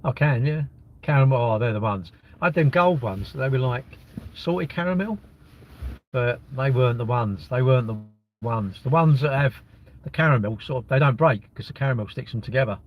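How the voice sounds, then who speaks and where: A man's voice: mid-range voice, lively intonation, normal speed, dull audio, slight background noise. A man chatting casually on a live stream, reading viewers' comments aloud and mocking trolls bluntly.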